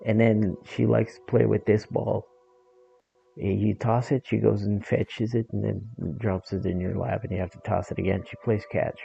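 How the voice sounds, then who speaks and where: Gravelly, low-voiced male streamer. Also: level tone, normal speed, mellow, dull audio. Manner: rambling, profane and joking. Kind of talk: casual chat while gaming.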